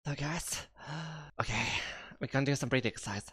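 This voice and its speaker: A woman's voice: low voice, unhurried, a bit bright, husky. A woman streaming a game with playful, giggly commentary, now and then shrieking and putting on silly voices for the characters. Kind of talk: casual gameplay commentary.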